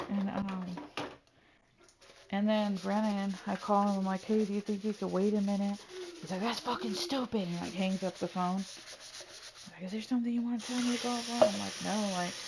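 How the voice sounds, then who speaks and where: A woman's voice: mid-range voice, heavy background noise. A woman streaming a game from home, telling a long gossipy story in casual chat and swearing freely, sometimes turning aside to talk to her kids. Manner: chatty gossip, swearing, talks to kids off-mic. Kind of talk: casual storytelling while gaming.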